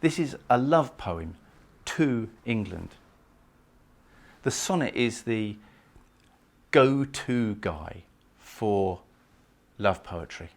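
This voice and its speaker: Emphatic lecturing man with a low voice. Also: drawn-out words, creaky, pauses often. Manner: lively, emphatic, stresses words by rising in pitch and volume; reads verse aloud, chanting the meter. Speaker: literature lecturer. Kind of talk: recorded poetry lecture.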